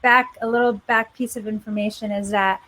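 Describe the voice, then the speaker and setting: A woman's voice: mid-range voice, steady tone, fairly quick, bright, forceful tone, rough recording. A woman talking as a guest in a casual chat, candid and playful. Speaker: guest in conversation.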